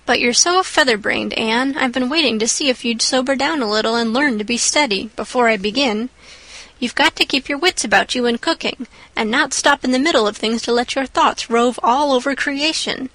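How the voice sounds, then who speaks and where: A woman's voice: on the high side, normal speed, fairly bright tone, dry recording. A woman voicing a stern older spinster who speaks in a brusque, scolding way.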